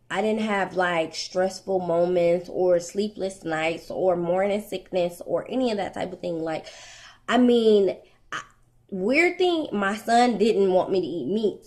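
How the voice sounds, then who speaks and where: A woman's voice: mid-range voice, a little mellow. A young woman casually telling her viewers a personal story in a rambling, chatty way, with many fillers and restarts. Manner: candid and conversational, addresses viewers directly. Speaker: vlogger.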